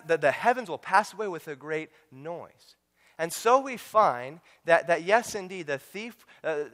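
A man's voice: on the high side, fairly bright tone. A man preaching a sermon through a Bible study guide, emphatic, repeating words and calling out to his congregation. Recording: long reverb of a large hall.

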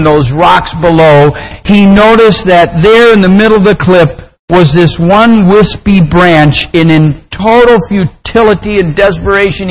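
A man pastor preaching a sermon, praying and telling a story in an earnest, deliberate way. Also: sits high, a little hiss or hum, low-quality recording. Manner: slow, deliberate, earnest delivery.

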